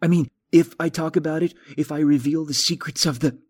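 A man's voice: fairly high pitch, fairly even intonation, a little fast, breathy edge, no room sound, voice pushed up. A man voicing a frightened young man in his twenties whose voice shoots up in panic. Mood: panicked. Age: 20s. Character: frightened young male bookstore clerk.

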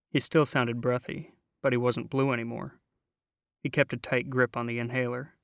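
Gravelly, dry-voiced male narrator. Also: mid-range voice, flat delivery, moderate pace, dry recording. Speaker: audiobook narrator. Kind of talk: scripted narration.

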